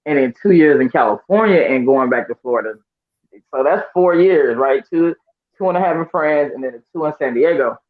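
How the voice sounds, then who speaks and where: Male co-host, casual storyteller, lively, plays the voices he quotes; muffled remote audio. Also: on the high side, moderate pace. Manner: animated, mimics voices when quoting people. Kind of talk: casual chat.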